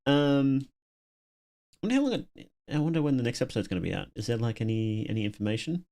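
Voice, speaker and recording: A man's voice: mid-range voice, lively intonation, quick pace, vocal fry, mellow. An Australian man hosting a casual livestream, reacting to videos and chatting with viewers, often chuckling and repeating words as he thinks.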